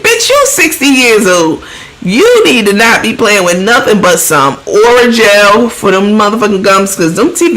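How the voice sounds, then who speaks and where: Woman host dishing gossip, crude and mocking, bright forceful voice, does little impressions of ppl. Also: on the low side, expressive, moderate pace, low-quality recording. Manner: profane, blunt, mocking; mimics the people she talks about. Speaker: show host. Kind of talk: casual gossip commentary.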